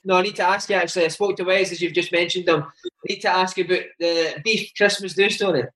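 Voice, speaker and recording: A man hosting a casual interview, putting brisk prompting questions to his guest. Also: high-pitched, fairly even intonation, fairly bright tone, roomy sound, low-quality recording. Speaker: interviewer host.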